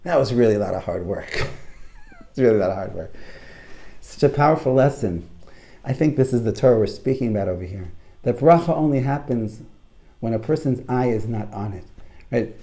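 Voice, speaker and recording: A man and career coach giving a Torah talk to a live audience, telling a story with lots of repeats and restarts. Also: medium pitch. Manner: animated storyteller, repeats phrases, many restarts.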